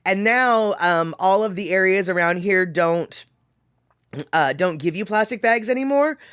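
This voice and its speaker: Slow-talking chatty woman streamer. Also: medium pitch, animated, fairly bright tone, clean tone, no room sound, clean studio sound. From Pacific Northwest, US. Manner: chatty, laughs often, rambling asides. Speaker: livestream host. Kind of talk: casual chat reading viewer comments.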